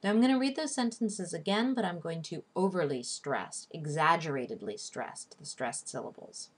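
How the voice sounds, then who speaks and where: A woman instructor giving a recorded online lecture, teaching in a clear, deliberate way and slowing down to stress syllables. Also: fairly low pitch, expressive. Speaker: literature instructor.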